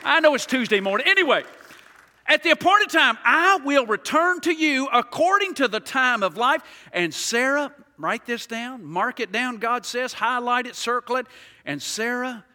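Male pastor, sermon delivery with loud peaks and hushed lows; bright tone, long church reverb. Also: lively intonation, unhurried. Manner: preaching with rising shouts and quiet hushed passages. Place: large church sanctuary. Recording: reverberant hall.

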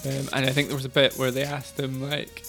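A man's voice: mid-range voice, little pitch movement, fairly quick, vocal fry, a bit bright, soft background music. A Scottish man co-hosting a casual football podcast, chatty and self-deprecating, laughing often. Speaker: podcast co-host.

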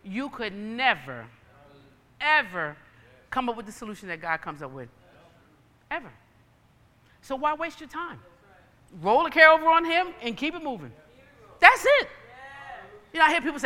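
Woman preacher, bright lively delivery, emphatic and rhythmic, long hall reverb. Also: high-pitched, moderate pace, pauses often. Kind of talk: sermon.

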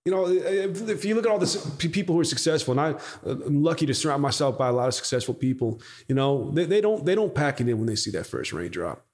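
A man's voice: a little high, fast, hardly any pauses. A man telling a story in a casual podcast interview, swearing freely and acting out what people said. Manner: animated storyteller, swears freely, acts out quotes. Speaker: podcast guest, company founder.

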